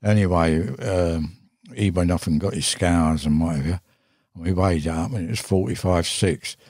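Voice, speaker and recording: Here a guest angler from England, an older man, tells a meandering fishing tale in an easygoing manner, cursing frequently and chuckling as he talks. His voice is deep and somewhat dark, at a moderate pace, captured on a studio mic in a podcast studio with no echo.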